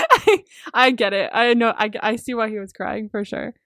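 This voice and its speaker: A woman's voice: fairly high pitch, fairly even intonation, brisk, a bit bright, no room sound, clean studio sound. A young woman co-hosting a podcast in casual chat, talkative, laughing often and swearing freely. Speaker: podcast co-host.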